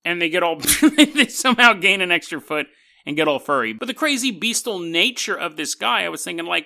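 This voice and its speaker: A man with a high, animated voice rambles through a story on his podcast. His tone is bright and keen, and his delivery is wry and skeptical, with laughing asides. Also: brisk, vocal fry. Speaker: podcast host. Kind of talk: casual storytelling monologue.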